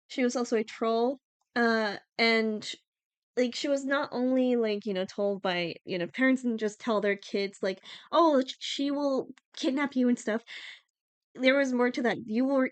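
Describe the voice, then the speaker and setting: A woman's voice: a little high, moderate pace, clean tone, no echo. A young woman from Iceland chatting casually on a livestream, giggling often and using lots of fillers.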